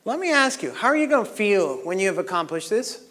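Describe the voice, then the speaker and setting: A man leading a motivational workshop, coaching a live audience and building to shouts on a handheld mic in a large hall. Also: sits high, very animated, fairly quick. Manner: exhorting, rising to shouts. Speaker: workshop leader. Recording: long hall reverb.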